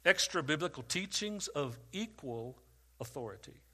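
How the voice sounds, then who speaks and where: A pastor preaching a sermon. He rises loud for questions to the congregation and drops quiet for stories. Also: on the high side, expressive, normal speed, slightly rough.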